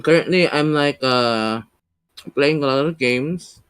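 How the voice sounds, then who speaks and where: A man's voice: medium pitch, slow, fairly bright tone, clean tone. A man as a podcast guest in casual chat, hesitant and full of fillers.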